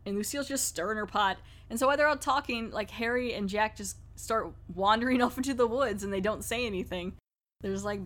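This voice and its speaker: A woman's voice: medium pitch, fast talker. A woman hosting a podcast, recapping a horror episode in a rambling, chatty way and laughing often. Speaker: podcast host.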